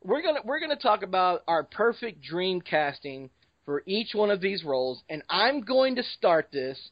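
A man's voice: fairly high pitch, no echo. A man hosting a podcast in loose, rambling casual chat full of fillers. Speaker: podcast host. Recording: dull lo-fi dry mic.

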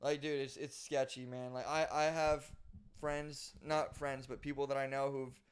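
A man co-hosting a casual podcast, laughing a lot and chiming in with quick reactions. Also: medium pitch, little pitch movement, clear, resonant tone. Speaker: podcast co-host. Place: podcast studio.

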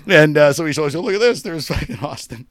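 A man telling a long, profane story on a podcast, acting out both sides of a shouting match and laughing often. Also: fairly high pitch, lively intonation, fairly quick, dry recording. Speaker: podcast co-host. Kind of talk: casual storytelling chat.

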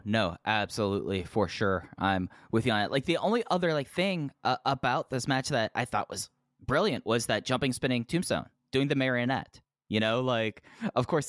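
A man's voice: medium pitch, fairly bright tone, no room sound. A man with a mid-range voice co-hosting a podcast. He talks energetically and scatters fillers through his sentences. The recording is dry and close. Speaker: podcast co-host. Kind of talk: casual chat, wrestling review.

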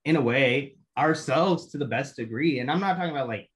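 A man's voice: medium pitch, brisk. Laid-back young man from Bangladesh. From Bangladesh, raised in the US. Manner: laid-back slangy talk full of "like" and "bro". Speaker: podcast guest. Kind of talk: casual conversation.

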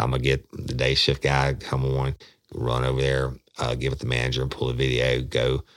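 A man's voice: extremely low pitch, dry recording, studio quality. A man casually recounting a detective case, rambling off into road directions and swearing freely. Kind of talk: casual spoken storytelling.

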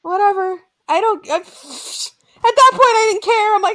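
A young woman co-hosting a casual chat, telling animated stories and acting out quotes in exaggerated voices. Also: extremely high pitch, unhurried. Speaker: podcast co-host.

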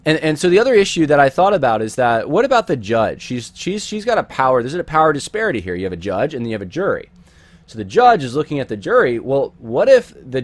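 Man, mid pitch, earnest commentator thinking out loud, restarts lines. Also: dry recording. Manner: earnest, repeats words while thinking. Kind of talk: casual video commentary.

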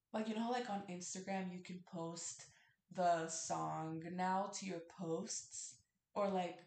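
Young woman podcaster rambling, lots of like and cussing, lowish voice, echoey room. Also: darkish tone. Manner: rambling, filler-heavy, swears freely. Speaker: podcast host. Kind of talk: casual solo podcast chat.

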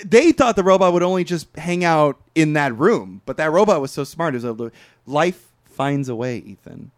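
Animated, rambling man recapping a movie. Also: on the high side, normal speed, no echo, studio quality. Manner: rambling, animated storytelling with many fillers. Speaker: podcast co-host. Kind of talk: casual movie recap chat.

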